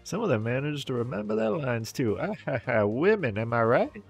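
Guy doing a pompous old tv host voice, higher than his own, smarmy. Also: very animated, a little fast, vocal fry, breathy edge, soft background music, heavily acted. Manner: showbiz compere patter, pompous. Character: smarmy aging male TV host, vain and self-pitying.

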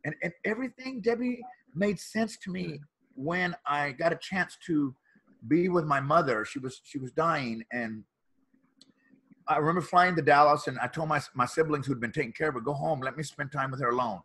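A man's voice: a little high, expressive, normal speed, pushed and bright, husky. A man, a motivational speaker and author, earnestly telling a personal story as a guest in an interview.

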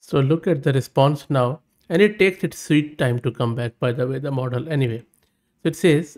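Man walking through a software test. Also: mid-range voice, moderate pace. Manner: thinks aloud while testing, reads prompts and outputs aloud; upbeat, plain-spoken verdicts. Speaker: tech channel host. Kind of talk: screen-recorded software tutorial.

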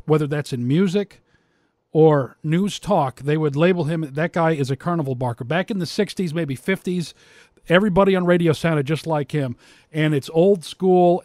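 A man's voice: a little high, a little mellow, dry recording, studio quality. A man giving a casual opinion rant, mocking and rambling with restarts. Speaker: commentator.

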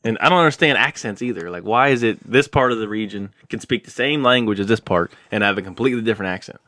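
A young man co-hosting a podcast, musing out loud in a loose, rambling way with lots of fillers. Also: lowish voice, quick pace, no echo, studio quality. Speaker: podcast co-host. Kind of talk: casual chat.

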